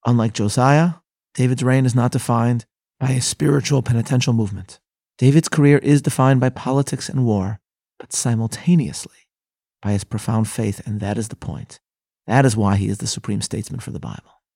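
A man's voice: mid-range voice, brisk, gravelly, darkish tone, dry recording, studio quality. A man giving a scripted Bible lesson, reading scripture aloud with earnest, solemn emphasis. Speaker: rabbi teaching a daily Bible lesson.

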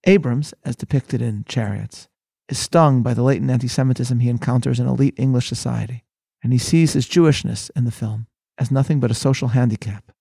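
Gravelly, warm-voiced rabbi lecturing. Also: male voice, mid-range voice, no echo. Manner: measured, reads quotations with dramatic emphasis. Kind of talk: recorded sermon lecture.

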